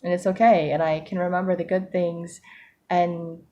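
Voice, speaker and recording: A woman with a fairly low voice speaks in a casual personal vlog. She sounds reflective and earnest, breaking into light laughs and restarting her thoughts. A faint hiss of background noise sits under her voice. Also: level tone, moderate pace, warm tone, dull audio. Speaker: vlogger.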